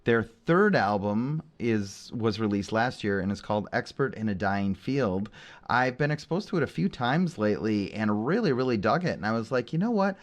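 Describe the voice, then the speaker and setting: A man's voice: lowish voice, animated, normal speed. A man co-hosting a podcast in casual chat, joking and teasing his co-host.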